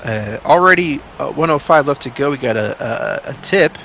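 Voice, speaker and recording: A man calling play-by-play over a basketball video game, excitable and jumping up in pitch on big plays, with chatty asides in between. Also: normal speed, a little hiss or hum. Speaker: gaming channel host.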